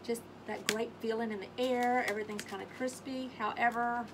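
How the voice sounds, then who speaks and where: A woman hosting a casual craft tutorial, chatting warmly to viewers and humming little scat tunes as she works. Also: a little high, fairly even intonation, a little fast, background noise. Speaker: craft video host. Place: home craft space on an acreage.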